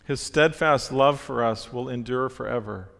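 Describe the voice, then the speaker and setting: Man, sermon, earnest steady delivery, mid-pitched voice, long hall reverb. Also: moderate pace, gravelly. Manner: earnest, steady teaching with small restarts.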